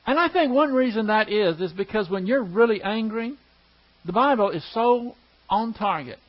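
A man's voice: high-pitched, expressive, moderate pace, highs cut off. A man teaching a Bible class verse by verse, explaining Greek grammar step by step and asking the class questions.

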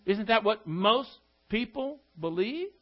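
High-voiced male preacher, lo-fi recording. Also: lively intonation, takes it slowly. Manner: rhetorical questions, scornful asides. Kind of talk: sermon. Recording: dull lo-fi recording.

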